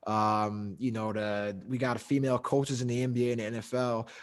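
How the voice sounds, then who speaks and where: A young man hosts a casual podcast chat. He swears freely and laughs between stories. His voice sits at an ordinary male pitch. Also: flat delivery, normal speed. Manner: loose, profane, laughing storyteller. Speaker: podcast host.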